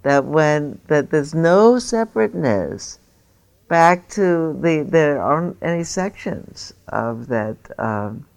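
Low, gravelly-voiced woman teacher. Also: sing-song, slow pace. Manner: warm, encouraging, laughs easily, rambling asides. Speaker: meditation teacher. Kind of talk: group dharma discussion.

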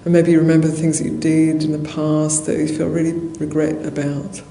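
Nun giving a dharma talk, mellow even voice, echoey hall w faint hiss. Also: female voice, sits low, brisk, vocal fry. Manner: conversational, laughing softly, many fillers. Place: monastery meditation hall. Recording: roomy hall echo, faint noise.

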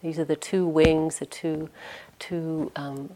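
A middle-aged woman meditation teacher giving a gentle, reflective dharma talk on retreat. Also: low-pitched, steady tone, slow.

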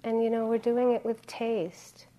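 A woman teaching meditation delivers a dharma talk with a mellow, fairly high voice and a level tone. She keeps things casual and conversational, with filler-laden pauses and regular throat clearing.

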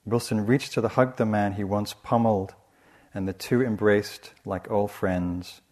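A man giving a dharma talk as a meditation teacher, speaking softly and reflectively in a measured way. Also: lowish voice, fairly even intonation. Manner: soft, measured and reflective, with frequent restarts.

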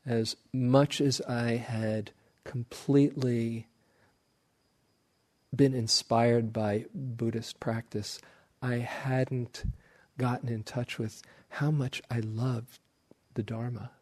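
A middle-aged man, a meditation teacher, giving a dharma talk in a slow, gentle storytelling manner with soft laughs. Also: medium pitch, steady tone.

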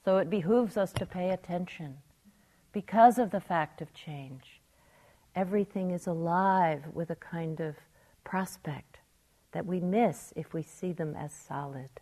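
An older woman, a meditation teacher, giving a gentle, reflective dharma talk. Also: on the low side, measured pace.

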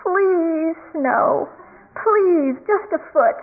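A woman voicing a frustrated little boy who yells, whines and bargains with the sky for snow. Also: very high voice, very slow, voice pushed up, exaggerated voice. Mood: pleading. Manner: shouting, whining, bargaining. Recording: tinny phone-like recording.

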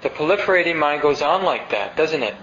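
Speaking a little fast in a slightly high, animated voice with a bit of brightness, a man leads a conversational dharma talk as a meditation teacher. In the meditation center hall, he reads passages aloud and poses questions to the audience. Slight background noise sits under roomy, dull lo-fi sound.

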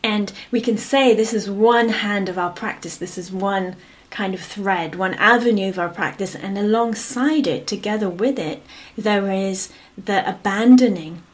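Soft-spoken woman giving a dharma talk. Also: medium pitch. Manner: gentle and unhurried, often fading to a whisper; frequent affirming "yeah" between phrases. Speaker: meditation teacher.

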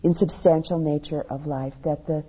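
A woman meditation teacher telling a story in a dharma talk, unhurried, her voice dropping softly at the ends of phrases, on a dull lo-fi recording. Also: low voice, fairly even intonation, breathy edge.

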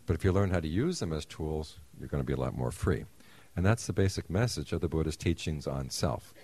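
A man gives a dharma talk as a meditation teacher in a meditation center. His voice is extremely deep, dark and husky, and his pace is measured and explanatory, with wry asides to his listeners. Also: animated.

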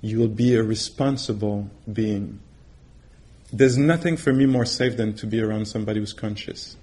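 A man's voice: lowish voice, normal speed, a little mellow. A middle-aged man giving a meditation talk in a casual, conversational way, laughing often and acting out quoted voices. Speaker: meditation teacher. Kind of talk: dharma talk.

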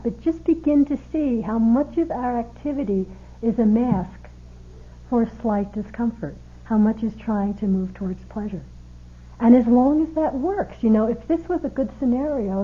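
A woman meditation teacher giving a dharma talk at a retreat, speaking in a conversational, storytelling way with gentle emphasis. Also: on the high side, expressive, moderate pace. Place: meditation hall. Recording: tinny phone-like retreat talk recording.

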